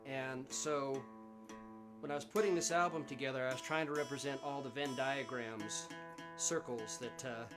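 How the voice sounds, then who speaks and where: A man's voice: medium pitch, steady tone, moderate pace, over music. A man, a singer-songwriter from Central Texas, chatting casually between songs during a livestream concert from home, rambling and friendly with plenty of fillers and restarts. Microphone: livestream setup.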